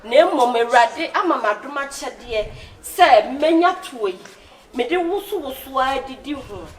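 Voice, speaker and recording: High-voiced woman, boastful. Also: expressive, normal speed, far from the mic. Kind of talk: comedy skit acting.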